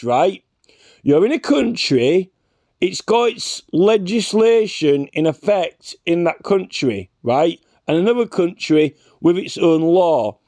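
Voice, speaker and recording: A reaction vlogger rants combatively, his high voice carrying a darkish tone in a studio-quality recording with no room sound. He keeps challenging the man he's arguing with, halting, stammering and restarting his sentences.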